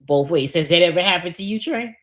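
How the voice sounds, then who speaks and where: A woman's voice: lowish voice, brisk. A woman hosting a podcast in casual chat, venting bluntly with lots of swearing and laughing at her own stories. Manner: animated venting. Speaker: podcast host.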